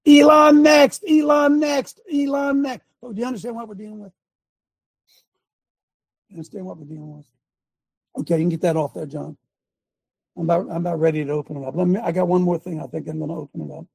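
A man with a high, gravelly voice hosts a live show and talks like a preacher, pressing every point hard. His tone has a husky edge. The sound is dry and close, with no room echo. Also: fast, pauses often, mellow. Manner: emphatic, preacher-like, directs a producer aloud. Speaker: host.

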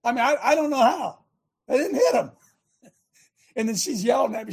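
A middle-aged man delivers a conversational sermon, moving between stories and direct questions to his listeners. His voice sits high and has a husky edge. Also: normal speed, long pauses. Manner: animated, storytelling, asks listeners questions. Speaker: show host preaching. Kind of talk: conversational preaching.

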